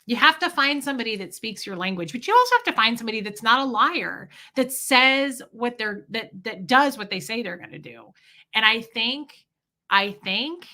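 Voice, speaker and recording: A woman's voice: fairly high pitch, sharp tone. A woman in her forties hosting a casual livestream, telling personal stories candidly with a sassy edge. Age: 40s. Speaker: livestream host.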